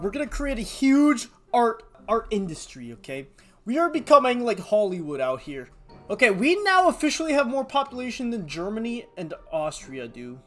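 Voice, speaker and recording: An excitable young man narrating a strategy game, his pitch jumping all over as he hypes up his audience. He laughs often, and faint music plays behind him. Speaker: gaming YouTuber.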